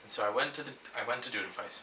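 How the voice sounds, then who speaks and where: A man's voice: mid-range voice, very fast, bright, forceful tone, slight background noise. A young man chatting casually to camera, answering question prompts and rambling through stories with restarts. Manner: rambling, storytelling, self-interrupting. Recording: echoey room, mic at a distance.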